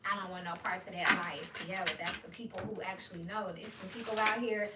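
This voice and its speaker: A woman's voice: mid-range voice, fairly even intonation, brisk, very noisy. Blunt woman in an echoey room. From Memphis, USA. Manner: blunt and profane, with frequent "you know what I mean". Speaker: tarot reader. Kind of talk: casual tarot reading rant. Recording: roomy echo, distant from mic.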